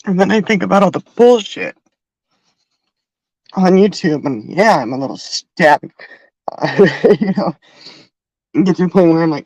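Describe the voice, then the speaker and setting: A middle-aged woman hosting a livestream, talking in a halting, heartfelt way and crying at times. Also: on the low side, expressive, a little mellow, no room sound, highs cut off. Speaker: livestream host. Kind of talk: emotional livestream talk.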